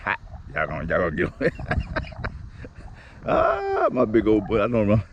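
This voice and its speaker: A man fishing at a neighborhood pond talks his viewers through every bite in a chatty, excitable way. His voice sits very low and deep. The outdoor recording sounds a little dull and muffled, with a faint hiss of wind and water behind him. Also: moderate pace. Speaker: fishing vlogger. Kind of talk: casual running commentary to viewers.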